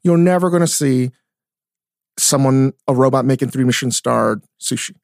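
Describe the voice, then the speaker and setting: A man co-hosting a casual podcast, talking in an animated way, swearing often and restarting his sentences. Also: medium pitch, moderate pace, creaky, dry recording, studio quality. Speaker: podcast co-host, chef. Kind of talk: casual chat. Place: studio.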